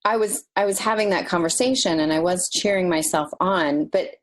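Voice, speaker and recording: A woman guest telling a personal story in a podcast interview, animated and emotional, laughing now and then. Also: fairly low pitch, fairly quick, slight background noise.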